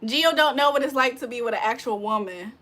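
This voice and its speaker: Woman livestream host, high and bright, roasts her chat, breaks into loud laughter. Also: fairly quick. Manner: trash-talking, laughs loudly. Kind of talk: casual live chat.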